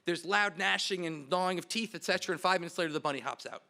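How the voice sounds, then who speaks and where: High bright-voiced guy hosting a memorial, telling a joke and introducing speakers. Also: fast, gravelly. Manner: anecdotal, lightly humorous storytelling. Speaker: department representative and panel host. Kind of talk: memorial speech.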